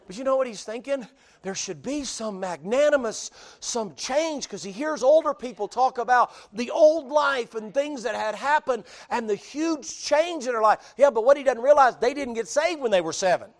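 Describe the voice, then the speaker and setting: A man's voice: extremely high pitch, expressive, moderate pace. A man with a Southern US accent preaching a sermon in a folksy, joking way full of homespun sayings. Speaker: pastor.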